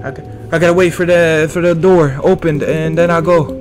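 A man's voice: a little high, steady tone, brisk, hardly any pauses. Young man yelping through a horror game. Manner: panicky, yelps and shouts when scared. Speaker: gaming streamer. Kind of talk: horror game let's play commentary. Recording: game music playing loudly behind.

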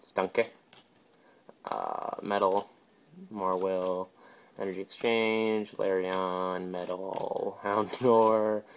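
A man hosting a casual card-opening video. He rattles off card names one after another in short, offhand bursts and adds quick comments between them. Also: low voice, level tone, slight background noise. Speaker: video host.

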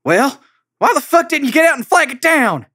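Man doing an enraged father, screaming, high strained pitch, bright cutting tone, dark audio story. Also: very animated, normal speed, full character voice. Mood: furious shouting. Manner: screaming, furious. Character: enraged, violent middle-aged father shouting.

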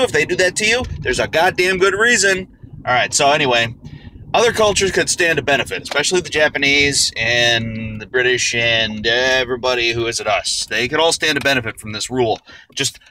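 A man's voice: fairly high pitch, sharp tone, a little hiss or hum. A man giving a casual comedic monologue, rambling and joking with some profanity. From United States. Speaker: vlogger.

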